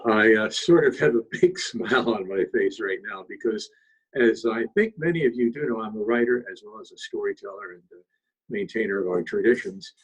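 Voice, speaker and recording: Older storyteller man, husky and slow, reflective and easygoing. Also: on the low side, lively intonation, rough recording. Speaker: storyteller and writer. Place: longhouse.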